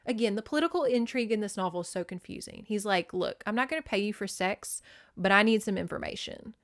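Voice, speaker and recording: A woman with a mid-range voice and quick pace hosts a casual book recap podcast. She talks animatedly and slips into exaggerated voices whenever quoting characters.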